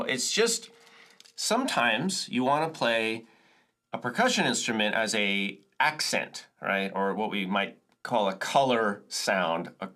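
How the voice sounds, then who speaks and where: Low-voiced man walking through a music lesson. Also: bright, forceful tone. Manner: casual, self-correcting, explaining step by step. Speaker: percussion teacher. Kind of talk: relaxed music lesson walkthrough.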